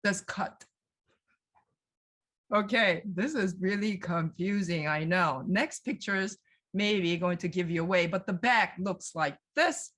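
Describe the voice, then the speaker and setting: A lower-voiced woman, speaking a touch slowly, hosts a live video-call tour of a museum. With animation, she questions the participants and reads out the answers they send.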